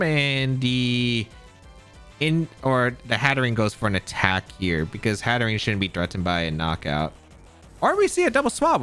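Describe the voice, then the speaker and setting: Guy talking through his match live, bright voice, lots of ups and downs in pitch, thinking out loud. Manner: thinks aloud, second-guessing plays. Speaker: competitive game player. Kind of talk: live gameplay commentary.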